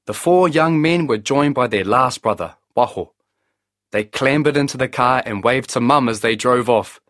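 A man reading a storybook aloud, calm and measured. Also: medium pitch, no room sound, studio quality.

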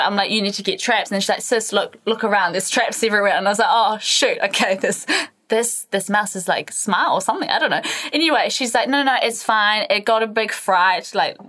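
A woman's voice: mid-range voice, sharp tone. A woman co-hosting a casual podcast, telling a story with lots of laughter and casual swearing. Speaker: podcast co-host. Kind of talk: casual chat.

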